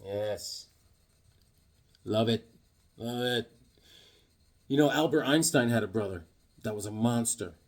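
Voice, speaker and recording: A man showing off his comic books in a casual vlog, animated and joking, with corny puns and sudden yelps. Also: mid-range voice, slow pace, long pauses. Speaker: comic book vlogger. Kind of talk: casual show-and-tell chat.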